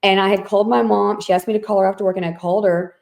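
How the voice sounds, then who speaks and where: A woman's voice: mid-range voice, little pitch movement, racing, vocal fry, darkish tone. Candid woman telling a personal story. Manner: candid, emotional storytelling with many fillers. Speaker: podcast co-host. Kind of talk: casual chat.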